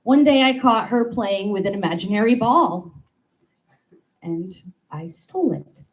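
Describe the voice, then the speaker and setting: A woman in her thirties performing a stand-up comedy monologue, animated and playful, acting out the voices in her stories. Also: mid-range voice, measured pace, muffled recording. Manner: animated, acts out quoted voices, playful asides. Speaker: comedian doing a stand-up bit.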